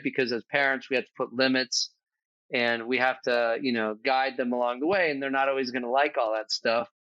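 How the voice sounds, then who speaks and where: Earnest man with a smooth voice. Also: mid-range voice, no room sound, lo-fi sound. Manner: earnest, reflective, thinks aloud with fillers. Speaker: podcast guest. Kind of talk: casual interview conversation.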